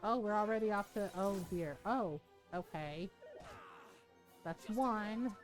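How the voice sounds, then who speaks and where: A woman's voice: mid-range voice, slow pace, faint music behind. A woman streaming a game, chatting casually and laughing as she plays. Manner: chatty, laughing, animated impressions. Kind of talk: casual live-stream commentary.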